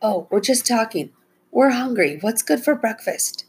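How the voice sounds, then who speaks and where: A woman's voice: measured pace, husky, full character voice. A woman voicing an eager young boy on a camping trip in a storybook. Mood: excited. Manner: excited, pitched high.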